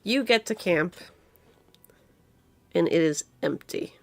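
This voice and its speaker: A woman narrating a tabletop game as game master, halting with many fillers and restarts. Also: fairly low pitch, expressive, creaky, no echo.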